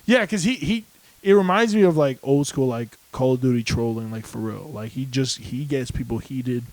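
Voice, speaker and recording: A young man co-hosting a podcast, telling laid-back stories in casual chat and mimicking other people in higher voices. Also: moderate pace, no echo, low-quality recording. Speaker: podcast co-host.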